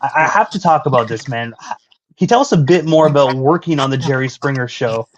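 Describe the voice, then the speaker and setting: A man's voice: medium pitch, lively intonation, brisk, a little hiss or hum. A male radio host eagerly asking an interview question, stumbling over his words. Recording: dull lo-fi line.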